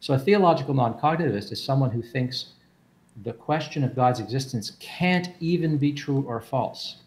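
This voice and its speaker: A man's voice: mid-range voice, lively intonation, normal speed, a little mellow. A man explaining philosophy in a casual group talk, thinking aloud with restarts and repeated words over an online call.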